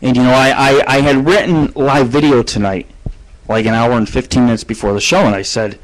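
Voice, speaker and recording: A man's voice: mid-range voice, fairly even intonation, a little fast, rough recording. A middle-aged man hosting his own radio show solo from home, rambling through profane stories. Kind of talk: solo live radio monologue. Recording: faint background noise.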